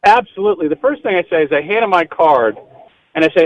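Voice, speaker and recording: Male political candidate guest, eager and talkative, higher voice, dull muffled call-in sound. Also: expressive, fast, a little hiss or hum. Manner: eager, talkative, repeats words. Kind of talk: radio interview call-in.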